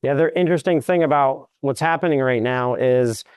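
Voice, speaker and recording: A man who works as a commercial real estate broker, a guest in an interview, telling lively anecdotes. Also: medium pitch, brisk, clear, resonant tone, dry recording. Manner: lively anecdotes, acts out quotes. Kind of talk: animated storytelling in an interview.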